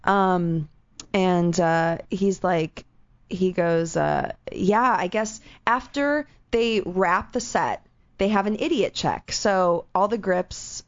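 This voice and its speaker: A middle-aged woman chatting casually and telling an animated story, acting out what other people said. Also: fairly low pitch, takes it slowly. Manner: animated storyteller, acts out quoted voices. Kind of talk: casual chat. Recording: slightly dull lo-fi sound.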